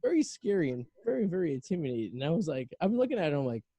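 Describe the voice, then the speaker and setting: Young male host, rapid storyteller, dry close mic. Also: a little high, big pitch swings, mellow, no echo. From north of Boston. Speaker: podcast host. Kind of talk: casual interview chat. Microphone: home studio mic.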